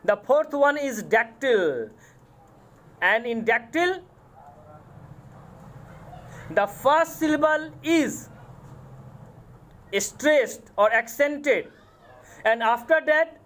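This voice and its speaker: Slow, deliberate Indian man lecturing. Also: extremely high pitch, expressive, a bit bright. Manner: deliberate, repeats terms and spells words out letter by letter. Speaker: college English lecturer. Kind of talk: classroom lecture on poetic meter.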